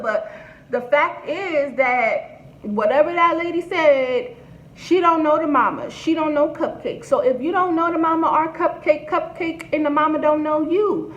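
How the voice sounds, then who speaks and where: A blunt woman vlogger talks in a higher register, outspoken and quick to swear. Her voice rings in an echoey room on a dull, lo-fi recording with a faint hiss. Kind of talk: casual commentary.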